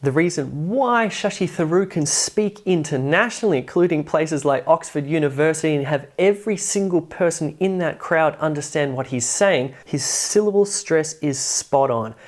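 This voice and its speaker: A woman teaching English pronunciation in an online lesson, slowing down to contrast word stresses as she explains. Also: low voice, animated, a little mellow.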